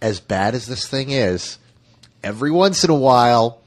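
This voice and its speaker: A man's voice: medium pitch, lively intonation, moderate pace. A man co-hosting a movie review podcast, ranting in a profane, exasperated and sarcastic way. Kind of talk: casual movie review banter.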